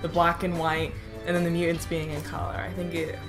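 A woman doing casual reaction commentary on a movie, gushing, laughing and swearing excitedly. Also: on the low side, fairly quick, music in the background.

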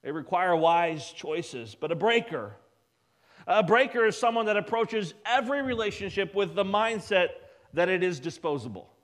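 High-voiced man preaching a sermon. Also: expressive, moderate pace. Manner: emphatic preaching, dropping low and quiet for weight. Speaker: pastor.

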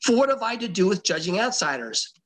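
A man's voice: high-pitched, very animated, brisk, fairly bright tone, low-quality recording. A man teaching a Bible passage to a congregation, conversational and emphatic, reading verses aloud and explaining them. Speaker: pastor teaching scripture.

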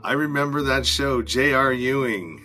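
A man's voice: medium pitch, moderate pace, pushed and bright, soft background music. An American man hosting a casual interview, talking loosely with plenty of fillers. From United States. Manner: loose, rambling, frequent fillers and laughs. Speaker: host, interviewer.

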